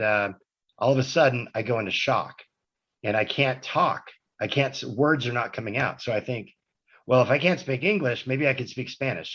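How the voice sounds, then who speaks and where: Heard on dull, lo-fi podcast audio, a man with a medium-pitched, slightly bright voice appears as a guest. He rambles casually through a long anecdote about himself, correcting himself as he wanders.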